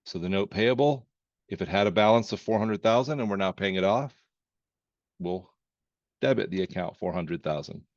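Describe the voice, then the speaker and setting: A man teaching accounting in a relaxed lecture, walking through problems step by step with folksy jokes and asides. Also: fairly low pitch, moderate pace, long pauses, dry recording. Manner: folksy and joking, with verbal asides. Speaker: accounting instructor. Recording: dry, slightly dull screen-recorded voice.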